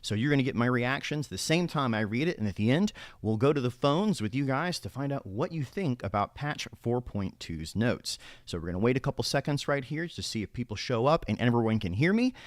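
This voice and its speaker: A man's voice: medium pitch, sing-song, fairly quick, no echo. A man hosting a gaming news show, reading the news out live and chatting casually about it as he reads. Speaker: gaming news channel host.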